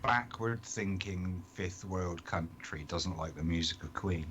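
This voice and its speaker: A man with a very deep voice tells anecdotes in a dry, deadpan manner. A faint room ambience sits behind him. His delivery stays unhurried and wry. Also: lo-fi sound, a little hiss or hum. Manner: dry storyteller, deadpan dark humor. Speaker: co-host. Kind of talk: casual chat.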